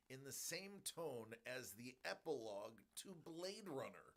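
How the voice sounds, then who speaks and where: A man in his forties, a stream host, ranting in a rambling, animated way about a movie in casual chat. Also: mid-range voice, normal speed.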